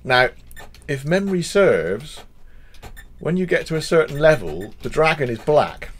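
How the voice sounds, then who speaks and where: A man's voice: on the high side, sing-song, unhurried, a little hiss or hum. A man from Wiltshire hosting a retro gaming podcast, chatting playfully and laughing with his sister. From Wiltshire, England. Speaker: podcast host. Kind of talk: casual chat.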